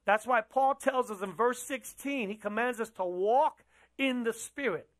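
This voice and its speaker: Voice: medium pitch, a little slow. A pastor preaching a sermon in a church, talking conversationally, asking the audience questions and repeating phrases for emphasis.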